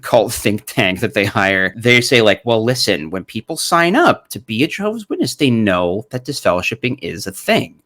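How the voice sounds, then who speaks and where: A man's voice: fairly low pitch, sharp tone. A man in his thirties hosting a commentary vlog, talking casually and sarcastically, often laughing and swearing. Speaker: channel host.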